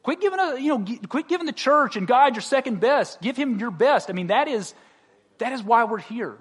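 A man's voice: very high voice, animated, a little fast, husky. A man pastor preaching a sermon in a conversational way, joking and asking the congregation direct questions.

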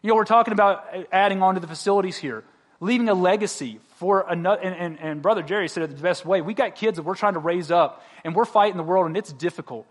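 High-voiced man preaching conversationally. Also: fast talker. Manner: conversational preaching with jokes and direct questions to the congregation. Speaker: pastor. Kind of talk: sermon.

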